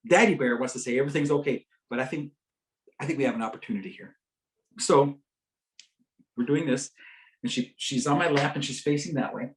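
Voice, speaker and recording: A middle-aged man giving a talk at a community health forum, telling a patient story with lively swings between loud emphasis and hushed, gentle quotes. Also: mid-range voice, brisk, pauses often, poor audio.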